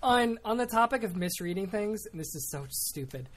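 A woman's voice: medium pitch, expressive. A woman hosting a casual podcast chat about a video game, talkative and self-deprecating. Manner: chatty, self-deprecating, quick asides. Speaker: podcast host.

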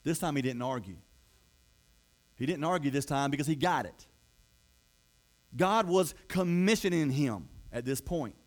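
A man with a high-pitched voice preaching a sermon in a loose, rambling way. He repeats words and restarts his sentences often as he works through a thought. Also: lively intonation, unhurried, pauses often. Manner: rambling, repetitive, full of restarts.

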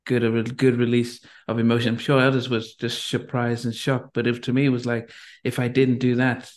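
A middle-aged man from Nigeria, hosting an interview and sharing a personal story in a gentle, reflective way. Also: medium pitch, completely flat delivery, brisk. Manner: gentle, reflective, many restarts. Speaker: podcast host. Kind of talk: conversational interview.

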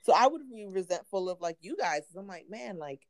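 A woman's voice: medium pitch, animated, fast talker. A woman in casual conversation, talking animatedly with lots of "like" and frequent laughter. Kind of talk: casual chat.

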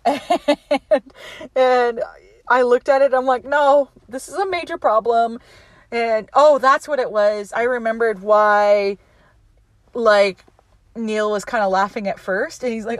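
A woman's voice: on the high side, normal speed, no room sound. A young woman casually retelling a movie plot, chatty and laughing often, acting out the characters' lines.

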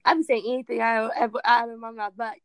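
A woman's voice: fairly high pitch, little pitch movement, fast talker, a little hiss or hum. A young woman co-hosting a podcast, chatting expressively and laughing a lot. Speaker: podcast co-host. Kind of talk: casual chat.

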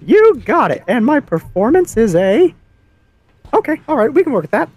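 Female player, high bouncy voice, excitable. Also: normal speed. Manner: excitable, laughing. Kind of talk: casual tabletop play.

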